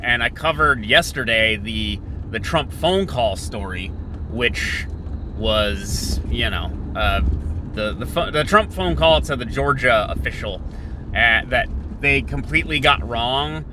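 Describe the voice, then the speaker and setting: A man's voice: medium pitch, animated, slow. A man hosting a podcast, talking in a rambling, digressive monologue with many restarts while in a car in city traffic. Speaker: podcast host.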